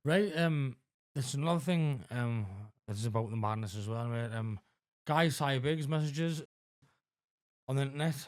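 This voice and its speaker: A man in his forties talking candidly as a podcast guest, halting with lots of fillers and frequent swearing. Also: mid-range voice, no echo, studio quality. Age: 40s. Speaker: podcast guest in addiction recovery. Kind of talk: candid conversational interview.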